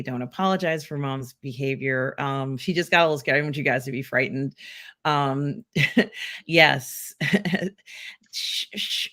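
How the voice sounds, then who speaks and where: A woman's voice: low voice, fairly bright tone. A woman hosting a casual live pop culture stream, reading out viewer comments in a rambling way with many filler ums.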